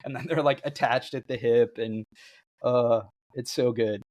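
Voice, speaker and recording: A man co-hosts a podcast where he casually discusses a book, enthusiastic and laughing often as he reads quotes aloud. His mid-range voice is steady, a little slow, and slightly mellow, with no echo.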